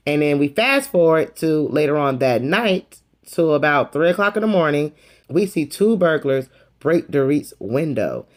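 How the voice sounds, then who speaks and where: A woman's voice: low voice, lively intonation, normal speed. A woman giving a sassy, dramatic casual recap of a reality TV episode. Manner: sassy, dramatic, calls the viewer honey. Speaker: YouTube reviewer.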